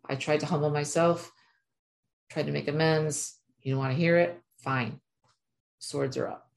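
A woman's voice: sits low, fairly even intonation, measured pace, creaky, long pauses. A woman who works as an animal communicator, telling a personal story in a chatty, emphatic way with lots of fillers. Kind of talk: casual storytelling monologue.

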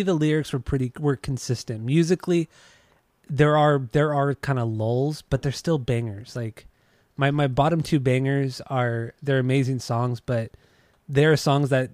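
A podcast co-host chatting in a relaxed, teasing manner, stopping often to search for words. His voice is at an ordinary pitch for a man. The recording is dry and close. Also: dry recording. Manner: relaxed, teasing, hesitant fillers. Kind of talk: casual music podcast chat.

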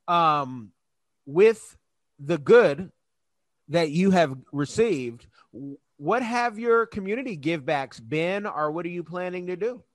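A man hosting an interview, talking in an animated, chatty way and laughing easily. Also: a little high, takes it slowly, no echo. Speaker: podcast host. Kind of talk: conversational interview.

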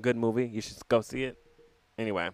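A man's voice: a little fast, dry recording. A man co-hosting a podcast, telling a story in casual chat and acting out the people in it. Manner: animated storyteller, acts out quotes in a high voice. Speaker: podcast co-host.

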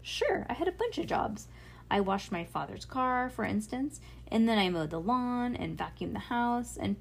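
A woman voicing a relaxed middle-aged dad who reminisces about his childhood, in a storybook read-aloud. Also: on the high side, creaky. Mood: reminiscing. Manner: breezy, nostalgic, brisk when reminiscing.

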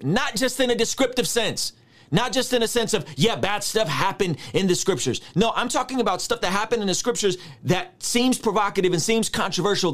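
A man teaching a sermon on scripture, talking straight to his listeners in a conversational way and breaking into mock-outraged asides. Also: high-pitched. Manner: addresses listeners directly, conversational. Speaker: preacher.

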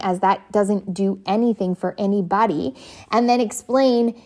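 A woman, likely a parent, giving an earnest, reflective motivational talk, often pausing to search for words. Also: mid-range voice, a little mellow. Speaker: parenting speaker.

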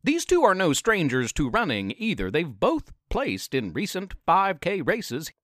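A man reading a children's adventure story aloud as narrator, slow and expressive. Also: high-pitched, no echo, studio quality. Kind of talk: scripted narration.

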